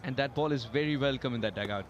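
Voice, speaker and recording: A man calling live cricket play-by-play, lively and lifting his voice on big moments. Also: mid-range voice, fast talker, dull audio, a little hiss or hum. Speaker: cricket commentator. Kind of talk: live sports commentary.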